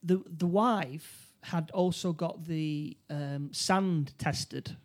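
A man in casual conversation, recapping a film plot with frequent restarts and short acted-out quotes. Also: fairly high pitch. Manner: halting, many restarts, acts out quotes. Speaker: podcast co-host.

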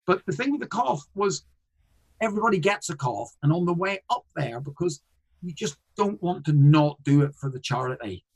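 A man's voice: on the high side, animated, moderate pace, husky, rough recording. A man, a comedian, telling a story in a casual interview, rambling with frequent restarts and fillers. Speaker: guest, comedian.

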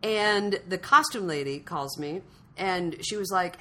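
Woman in her thirties, bright and forceful voice, rambling self-deprecating chat. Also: on the low side, a little slow. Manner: rambling, self-deprecating storyteller who acts out quotes. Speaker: actress guest. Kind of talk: casual chat.

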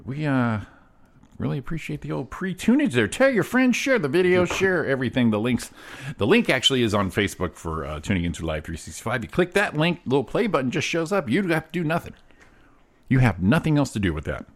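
A man's voice: medium pitch, very animated, brisk. A man co-hosting a morning show in casual chat, upbeat and laughing often.

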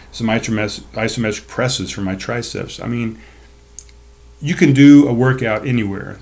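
A middle-aged man with a fairly low voice gives a fired-up, foul-mouthed pep talk from his desk. He talks casually, like a solo podcast host. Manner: fired-up, profane, motivational. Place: home desk.

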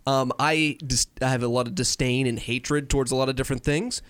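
A man's voice: medium pitch, fairly even intonation, a little fast, fairly bright tone, smooth, dry recording. A young man co-hosting a casual podcast on a headset, upbeat and joking, rambling with restarts. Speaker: podcast co-host.

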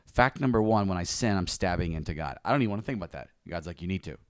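A man with a fairly low voice tells his story as a pastor, earnest and openly confessional. The sound is dry and close, with no room around it. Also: lively intonation, fast talker, clear, resonant tone, no echo. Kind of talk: personal testimony in conversation.

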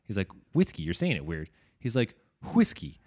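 A man's voice: lowish voice, brisk. A man co-hosting a casual podcast chat, telling stories and acting out other people's lines in funny voices. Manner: animated storyteller, acts out quotes in funny voices. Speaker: podcast co-host.

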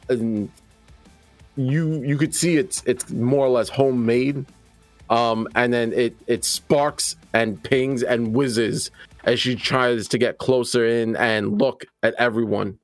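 A man's voice: mid-range voice, no echo. A man narrating as game master, loose and hesitant, with faint music behind.

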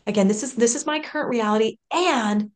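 Earnest woman in her thirties, higher voice. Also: fairly quick. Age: 30s. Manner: earnest, emotional, with restarts and laughter. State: close to tears at moments. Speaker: podcast guest. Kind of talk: personal storytelling in an interview.

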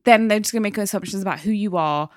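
A young woman with a Geordie accent, chatting as a podcast co-host, animated and ranting, swearing freely and laughing often. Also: medium pitch, fast, no room sound, clean studio sound. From North East England. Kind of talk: casual chat.

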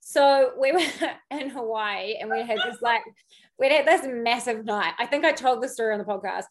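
A woman in her thirties chats as an interview guest over a video call. Her voice sits a little high, and she rambles through anecdotes with frequent giggles. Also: moderate pace, a little hiss or hum. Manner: chatty, giggly, rambling storyteller. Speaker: guest, podcast co-host. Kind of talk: casual interview chat.

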